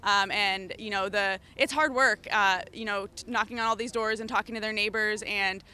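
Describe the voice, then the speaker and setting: A woman's voice: medium pitch, fairly even intonation, pushed and bright, clean tone. A woman organizer making hesitant remarks at a rally and introducing the next speaker. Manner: halting, many fillers.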